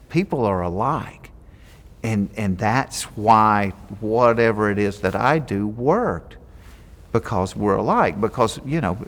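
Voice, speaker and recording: A man's voice: lowish voice, long reverb tail. A man with a Southern US accent from Georgia tells jokey stories in an interview and acts out the quotes. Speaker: comedian. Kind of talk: interview storytelling.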